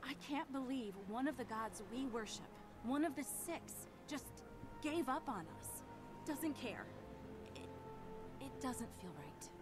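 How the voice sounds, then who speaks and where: A woman's voice: high voice, lively intonation, measured pace. An actress voicing a devout young woman in a video game, earnest and conflicted about her faith. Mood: troubled. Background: game music.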